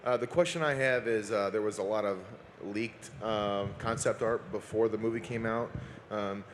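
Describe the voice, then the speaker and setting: A man's voice: lowish voice, moderate pace, a little hiss or hum. A man asking a panel a question from the audience, friendly and hesitant with fillers. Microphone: handheld audience mic.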